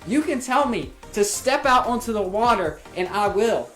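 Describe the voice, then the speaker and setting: A woman's voice: medium pitch, animated, normal speed, a bit bright, natural voice. A woman voicing a bold, eager adult male fisherman disciple in a children's Bible story. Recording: roomy with faint music.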